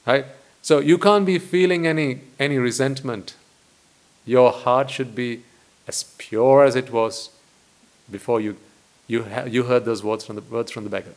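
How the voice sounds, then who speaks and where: A male Buddhist monk delivers a dharma talk at a deliberate pace, leaning heavily on rhetorical questions and repetition. His voice sits in the mid range.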